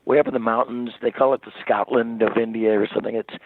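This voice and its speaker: A man, a rock singer as interview guest, telling stories in a rambling, animated way with many restarts, over the phone. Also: mid-range voice, fast talker, dry recording. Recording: tinny dry phone line.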